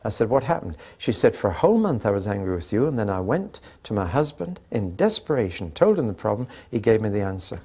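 A man's voice: lowish voice, very animated, fast talker, few pauses, darkish tone, breathy edge. An older man preaching a sermon, telling anecdotes with dry humour and acting out the dialogue.

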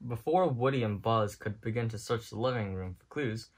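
A man reading a children's picture book aloud in an expressive, storytelling style. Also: lowish voice, normal speed, husky. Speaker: storybook reader.

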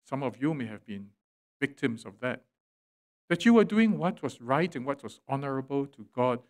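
A male pastor, preaching a sermon in church, swelling loud and dropping quiet for emphasis. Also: medium pitch. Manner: preaching with dramatic swells and drops in volume. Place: church sanctuary.

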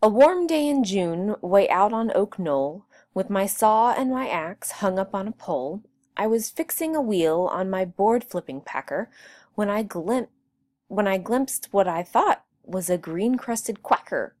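A woman teacher reading a rhyming picture book aloud, with a slow storyteller cadence. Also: mid-range voice, animated, a little mellow.

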